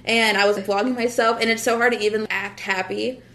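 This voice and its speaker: A woman's voice: fairly high pitch, steady tone, fairly quick, fairly bright tone. A young woman from the United States talking casually about her faith, with lots of fillers and frequent laughs. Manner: chatty, lots of "like" and "literally", laughs often. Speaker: guest.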